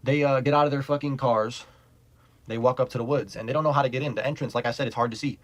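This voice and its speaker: A man's voice: medium pitch, quick pace, rough recording. A young man telling a casual storytime, rambling and profane, full of "like", laughing as he goes. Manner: rambling, profane, heavy use of "like"; animated, laughs while telling.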